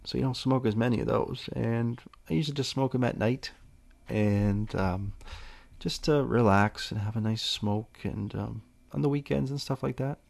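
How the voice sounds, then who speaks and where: A man's voice: mid-range voice, normal speed, creaky, a little mellow, no echo. A man hosting a casual solo podcast, rambling in a laid-back way and swearing freely. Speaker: podcast host.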